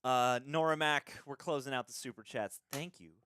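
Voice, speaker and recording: A man's voice: medium pitch, normal speed, bright, forceful tone, smooth, dry recording. A man hosting a livestream, playful and jokey as he reads out viewer super chats and stumbles over the words. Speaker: host. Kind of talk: casual chat reading super chats.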